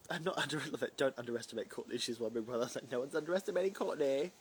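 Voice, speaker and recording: A young man talks loosely and warmly through viewer questions, trailing off into "um" and "sort of" as he goes. His voice sits at an ordinary middle pitch, and a faint background ambience runs under the recording. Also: rapid-fire, slight background noise, rough recording. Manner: chatty and rambling, heavy on fillers like "um" and "sort of". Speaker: drag performer answering fan questions on a livestream. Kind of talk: casual chat, reading and answering live comments.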